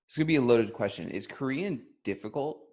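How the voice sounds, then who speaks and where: A man in casual podcast chat, telling anecdotes in an animated way and laughing often. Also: mid-range voice, a little fast. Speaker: podcast co-host.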